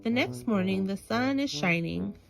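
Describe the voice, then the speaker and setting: A woman reading a children's bedtime story aloud in a slow, gentle manner. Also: mid-range voice, lively intonation, gravelly, over music, low-quality recording. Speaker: storybook reader.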